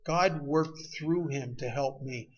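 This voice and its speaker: A man, speaking at a recovery meeting and telling a personal story with emotion, his voice swinging from loud to hushed. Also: medium pitch, slow, breathy edge, dull audio. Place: meeting room.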